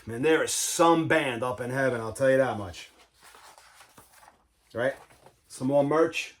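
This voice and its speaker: Flipping through his records for a casual show-and-tell vlog, this man speaks with loose enthusiasm, dropping "man" and "all right" again and again. His voice is medium-pitched and a little slow.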